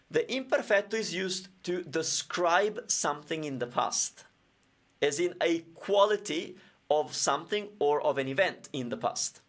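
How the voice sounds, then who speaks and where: Italian-native guy teaching on a live stream, kinda high gravelly voice, chatty explainer. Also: a bit bright. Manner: explains with everyday examples, answers viewer questions.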